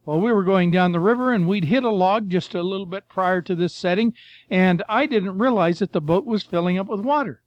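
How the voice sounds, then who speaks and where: A man's voice: high-pitched, brisk, no room sound, lo-fi sound. An older man preaching a sermon in a folksy storytelling way, reading Scripture and telling missionary stories. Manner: folksy, storytelling, addresses listeners as folks and friend.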